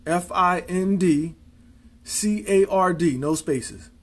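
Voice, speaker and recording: A man's voice: sits high, slow. A man demonstrating card tricks, talking casually and counting and spelling aloud as he deals. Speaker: amateur magician.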